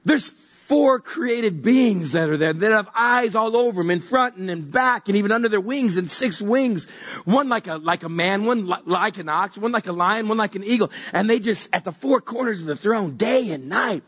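A pastor giving a conversational sermon, animated and stumbling over repeated words as he reaches for images. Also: sits high, moderate pace, breathy edge.

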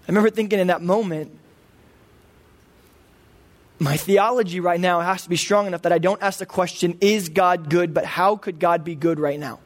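A man's voice: high-pitched, moderate pace. A man in his thirties preaching a sermon, earnest and emphatic. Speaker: pastor.

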